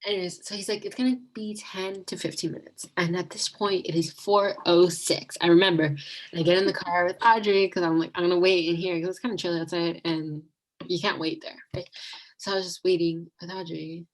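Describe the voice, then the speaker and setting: This is a low-quality recording of a young woman, a vlogger, giggling her way through a rambling storytime on a video call. She talks a little fast in a fairly low, fairly even voice, leaning heavily on "like."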